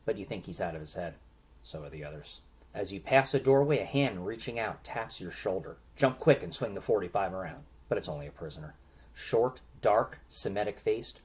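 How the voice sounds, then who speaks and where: Low, lively male storyteller. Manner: second-person narration, vivid and grim. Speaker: narrator. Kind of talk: dramatic story reading.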